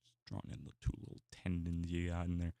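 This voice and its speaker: Low-voiced rambling young man. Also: flat delivery, fast, vocal fry, warm tone, no room sound. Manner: rambling, many fillers and restarts. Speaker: artist and YouTuber. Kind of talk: casual chat while drawing.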